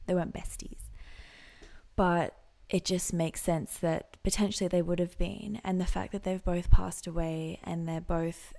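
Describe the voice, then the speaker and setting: Woman reaction vlogger, gravelly low voice, reflective casual commentary, occasional hushed asides. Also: little pitch movement, measured pace. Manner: reflective, soft-spoken, drifting into whispered asides. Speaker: music reaction vlogger and singer.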